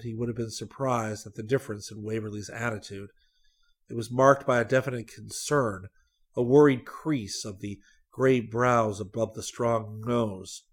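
A man narrating a spy novel aloud in a measured, even reading voice. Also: medium pitch, slightly rough. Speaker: audiobook narrator. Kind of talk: scripted narration.

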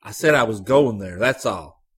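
A sullen young Tennessee man, put on by a male narrator talks in a high, nasal, pushy voice with a husky edge. He is sour and brooding, pressing his point in a storybook reading. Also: lively intonation, moderate pace. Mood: sullen, insistent.

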